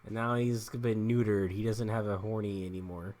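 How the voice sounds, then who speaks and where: This young gaming streamer has a lowish, darkish voice with a steady tone and normal speed. He rambles casually as he plays, cracking jokes, swearing freely, and laughing a lot.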